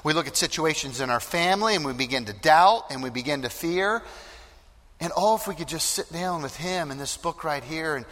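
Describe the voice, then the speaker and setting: A man's voice: fairly high pitch, animated, brisk, a bit bright, long reverb tail. A male pastor giving an earnest, emphatic sermon, often repeating phrases for weight.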